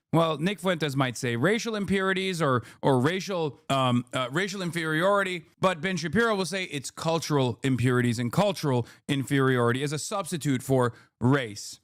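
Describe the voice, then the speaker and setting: A man's voice: on the high side, a bit bright, no room sound. Sarcastic streamer man, dry sound. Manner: sarcastic, ranting. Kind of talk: live-stream reaction commentary.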